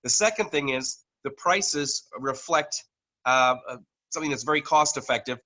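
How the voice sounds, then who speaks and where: Guy on a video call mic, bright voice, lots of ums and restarts, a bit of an allergy cough. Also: medium pitch, rough recording. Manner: halting, with many fillers and restarts. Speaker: network marketing leader presenting to a team. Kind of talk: online business meeting presentation. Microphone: computer microphone on a video call.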